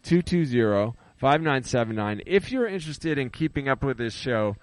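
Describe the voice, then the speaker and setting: A man hosts a live radio talk show in a relaxed, rambling way. He trips over his words, starts sentences over and chuckles at his own jokes. His voice is mid-pitched and sits close and dry on the studio mic. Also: normal speed, no room sound. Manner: rambling, self-correcting, laughs at own jokes. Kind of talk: casual live radio chat. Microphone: studio microphone.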